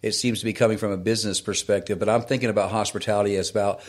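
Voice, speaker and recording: A man hosting a talk show, asking measured, thoughtful questions. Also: fairly low pitch, steady tone. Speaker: host. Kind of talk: casual talk-show conversation.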